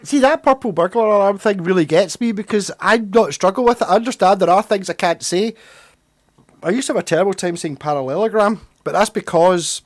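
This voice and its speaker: A man's voice: sits high, a little fast, dry recording, soft background music. A Scottish man hosting a livestream, chatting casually with viewers in a rambling, self-deprecating way, a bit tipsy. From Scotland. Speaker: livestream host. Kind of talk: casual chat with chat readers.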